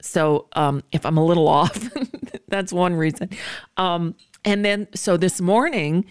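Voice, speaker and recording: A woman hosts a radio talk show, chatting loosely with plenty of fillers and false starts. Her voice sits a little low, in a dry, close sound. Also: unhurried, smooth, dry recording. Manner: chatty, rambling, with fillers and self-corrections. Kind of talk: casual chat.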